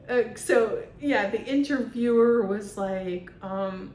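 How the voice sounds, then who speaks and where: A woman's voice: fairly high pitch, lively intonation, slow, hardly any pauses, reverberant, a little hiss or hum. A woman who works as a spiritual medium, talking in a rambling casual monologue full of fillers and laughs.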